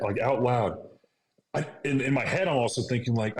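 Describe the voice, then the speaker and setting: Here the thirty-something podcast guest has a mid-range voice at normal speed as he earnestly shares a personal story, slipping into whispers for recalled thoughts. Faint noise and echo fill the room.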